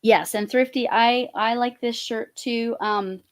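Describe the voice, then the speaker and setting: A woman's voice: a little high, steady tone, unhurried, low-quality recording. Woman host, casual livestream chatter, easygoing and laughing often. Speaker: crochet vlog host.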